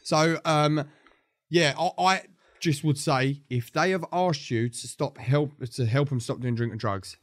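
A man's voice: on the high side, a little slow, dry recording. Blunt man in a dry studio. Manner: blunt, earnest, swears casually. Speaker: podcast co-host. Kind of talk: casual podcast advice. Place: podcast studio.

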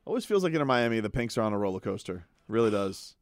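A man's voice: fairly low pitch, dry recording, clean studio sound. A man hosting a sports radio show, bantering casually with his co-hosts and joking around. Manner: animated, joking, quick to shout out lines.

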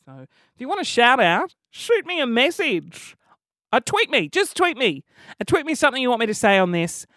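A man's voice: high-pitched, no echo, studio quality. A young Australian man hosting a solo comedy podcast, rambling and making fun of himself. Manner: rambling, self-mocking, animated. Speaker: podcast host.

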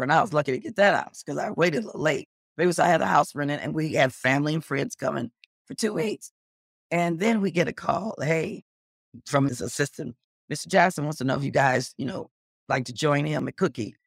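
A middle-aged woman telling a story as an interview guest, animated and acting out the dialogue she quotes. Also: vocal fry, no echo, studio quality. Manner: animated, acts out quoted dialogue with big pitch jumps.

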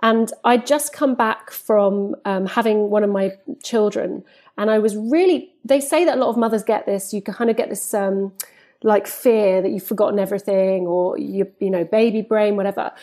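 A woman in her forties, a football presenter, telling stories in an animated way in a podcast interview and acting out the dialogue she quotes. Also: medium pitch, moderate pace. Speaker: football presenter and reporter, guest.

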